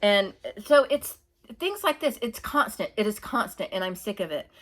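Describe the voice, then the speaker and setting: A woman's voice: medium pitch, sing-song, moderate pace, fairly bright tone. A middle-aged woman ranting indignantly in her own opinion vlog, emphatic and repetitive. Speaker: YouTuber.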